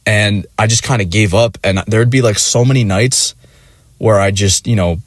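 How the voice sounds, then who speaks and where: A man's voice: fairly low pitch, moderate pace, no echo, studio quality. A young man telling a casual, rambling story with lots of swearing and fillers. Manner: rambling, profane, many fillers. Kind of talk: casual rant.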